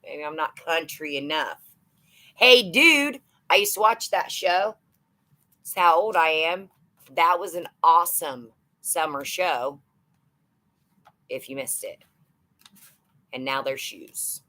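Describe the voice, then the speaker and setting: A woman's voice: deep voice, lively intonation, takes it slowly, pauses often, pushed and bright. A woman in her thirties hosting a casual live stream, chatty and playful as she greets viewers by name. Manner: chatty and playful, rambling with fillers. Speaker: live-stream host of a shopping channel.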